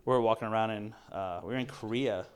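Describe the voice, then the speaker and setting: A man's voice: lowish voice, fast talker, clear, resonant tone. A young man co-hosting a podcast, chatting casually, a laid-back storyteller who swears and laughs often. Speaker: podcast co-host. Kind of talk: casual chat.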